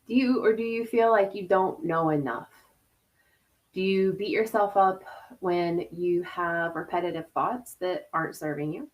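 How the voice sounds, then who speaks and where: A woman hosting a casual live stream from home over a video call, chatty and laughing, full of "like" and "y'all". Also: on the low side. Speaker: host.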